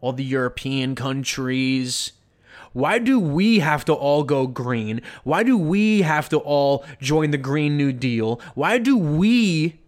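Male podcast host with a high-set voice, sarcastic and indignant, ranting commentary. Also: sing-song, takes it slowly.

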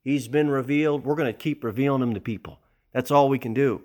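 A middle-aged man preaching a verse-by-verse sermon as pastor, animated and acting out the people in his stories. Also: medium pitch, a little fast.

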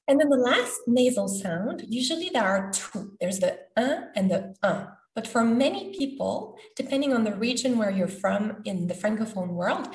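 A French pronunciation teacher from Quebec patiently demonstrates sounds slowly in a podcast lesson. Her fairly high voice is sing-song with a darkish tone, recorded roomy and from a distance.

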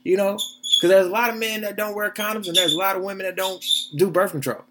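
A young man hosting a solo podcast, animated, blunt and profane, often asking if you follow him. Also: high-pitched, fast talker, heavy background noise. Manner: animated, blunt and profane, keeps asking "you understand what I'm saying?". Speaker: podcast host. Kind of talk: casual solo podcast commentary.

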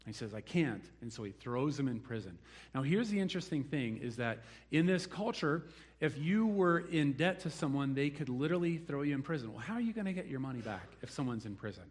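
A man's voice: medium pitch, lively intonation, brisk, breathy edge. A man preaching a sermon, telling the story with animation and acting out the people he quotes. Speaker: pastor.

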